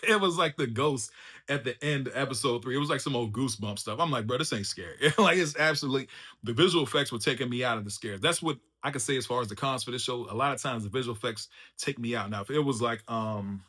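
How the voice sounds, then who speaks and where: A man's voice: medium pitch, quick pace, slightly rough. Laid-back man chatting a show review. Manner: loose, animated, laughs often, says "bro" and "man". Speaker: YouTube reviewer. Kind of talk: casual unscripted review.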